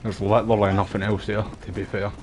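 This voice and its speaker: A Scottish man with a lowish voice chats casually as he streams a game. He rambles from one story to the next in a relaxed, slangy way, with faint game sounds behind him. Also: fast, slight background noise. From Scotland. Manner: rambling, chatty, uses local slang. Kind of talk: casual gameplay chat.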